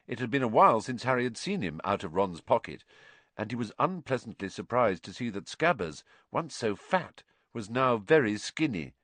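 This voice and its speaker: A man narrating a storybook in an expressive, animated way. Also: lowish voice, no echo. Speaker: audiobook narrator.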